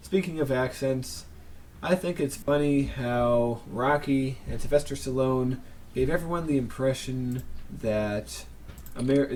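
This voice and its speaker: A man's voice: medium pitch, darkish tone, slight background noise. A man hosting a let's play, casually commenting on his gameplay with chatty, joking asides.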